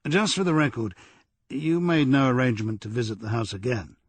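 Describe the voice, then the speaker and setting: A man's voice: medium pitch, lively intonation, brisk, slightly rough, dry recording. Man reading a blunt, dogged police detective. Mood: pressing. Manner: firm, pressing questions.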